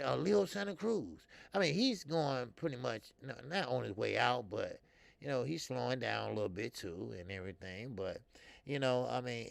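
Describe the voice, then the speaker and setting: A middle-aged man hosts a boxing live stream in a fairly high voice with vocal fry, recorded in studio quality with no room sound. He chats loosely, shouts out viewers by name, and uses many fillers.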